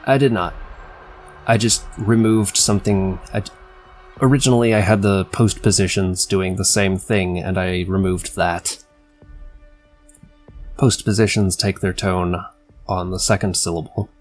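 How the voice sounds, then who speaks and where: Slow, low-voiced man explaining grammar. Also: fairly even intonation, soft background music. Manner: wry, self-correcting, swears casually. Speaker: conlang video creator. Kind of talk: casual screen-share lesson.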